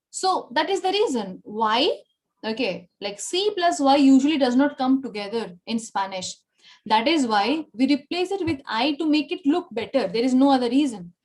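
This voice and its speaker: She's an Indian woman with a high voice running an online Spanish lesson, patient in her explanations. To confirm students understand, she attaches "okay?" or "right?" to almost everything she says.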